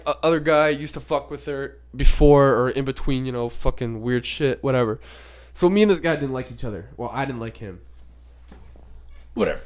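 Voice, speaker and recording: A young podcast host rambles through a casual, unscripted monologue, swearing and piling on filler words. His voice is smooth and a little high.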